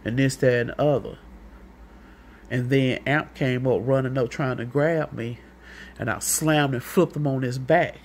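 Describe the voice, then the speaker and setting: St woman rambling thru a story, gravelly voice, cusses a lot, acts out the other people's lines. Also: a bass voice, fairly even intonation, measured pace, a little mellow, slight background noise. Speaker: vlogger. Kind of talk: casual storytelling monologue.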